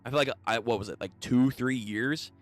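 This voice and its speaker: A man casually commenting and chatting with viewers during a live manga readthrough, slangy and animated. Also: medium pitch, a little fast, faint music behind. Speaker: streamer reading manga aloud.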